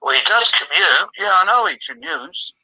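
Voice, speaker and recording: A man's voice: sits high, sing-song, normal speed, gravelly, sharp tone, no room sound, rough recording. A man, a comedy guest telling absurd tall tales in a matter-of-fact way. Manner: rambling tall tales told matter-of-factly.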